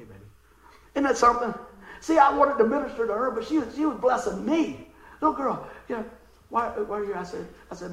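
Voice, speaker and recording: A man preaching a sermon, telling stories in a conversational way and breaking into loud bursts of emphasis. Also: high-pitched, echoey room, slight background noise, poor audio. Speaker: pastor.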